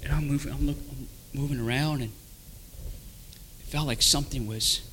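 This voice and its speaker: A man giving an emotional personal testimony, repeating phrases and moving from hushed to loud. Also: medium pitch, steady tone, moderate pace, slight background noise. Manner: emotional, repetitive storytelling that swells from hushed to loud.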